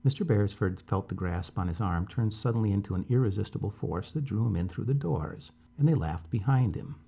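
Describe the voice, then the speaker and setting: A man calmly reading a story aloud as a bedtime storyteller. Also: on the low side, fairly quick, creaky, husky.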